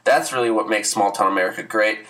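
A man's voice: lowish voice, quick pace, bright, forceful tone, far from the mic, rough recording. A man co-hosting an improvised comedy radio show, with a dry, mock-formal manner. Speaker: co-host.

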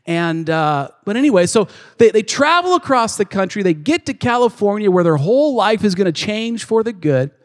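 High-voiced pastor guy preaching, lively storytelling, long church echo. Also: normal speed. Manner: animated storytelling, acting out scenes. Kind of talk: sermon. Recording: long reverb of a large hall.

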